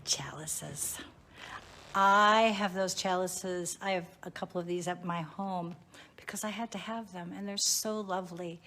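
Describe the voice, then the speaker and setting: A woman's voice: mid-range voice, fairly even intonation, moderate pace, pushed and bright, a little hiss or hum. A woman giving a leisurely, chatty guided tour inside her small shop, showing off the items on the shelves.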